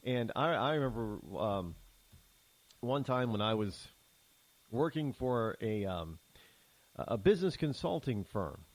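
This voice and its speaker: Middle-aged man, talk host; sarcastic, combative, lively swooping delivery, dry close sound. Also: mid-range voice, unhurried, long pauses, no echo, rough recording. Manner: sarcastic, combative, rambling with restarts. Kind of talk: opinionated talk radio monologue.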